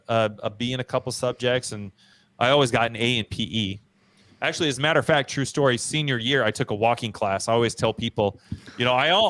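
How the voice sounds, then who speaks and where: A man with a mid-range, slightly bright voice hosts a casual podcast, recorded with no room sound. He tells his own story in a slangy, self-deprecating, emphatic way, throwing in "bro" and "dude" a lot.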